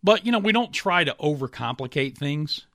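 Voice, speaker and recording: A man in his late fifties with a bright, forward voice, recorded close and dry. He hosts a casual interview in a folksy, rambling way and pokes fun at himself along the way. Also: a little high, animated, normal speed, dry recording. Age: 50s. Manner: folksy, chatty, self-deprecating humor. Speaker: host and baseball broadcaster.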